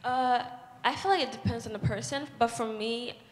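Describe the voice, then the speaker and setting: A woman's voice: fairly high pitch, moderate pace. A woman from Ghana taking part in a book club discussion, speaking earnestly and reflectively and correcting herself as she goes. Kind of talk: casual group discussion. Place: indoor event hall. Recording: echoey hall with long reverb.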